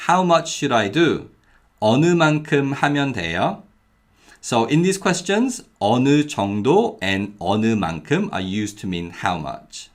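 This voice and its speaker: A young adult man giving a clearly paced, scripted language lesson, repeating each example phrase carefully. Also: medium pitch, very animated, fast. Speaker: Korean language teacher.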